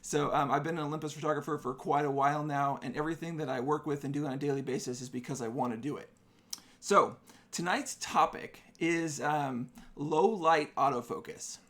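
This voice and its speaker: A man's voice: a little high, fairly even intonation, brisk, a bit bright. A man hosting a live-stream photography tutorial, chatty, explaining camera settings step by step.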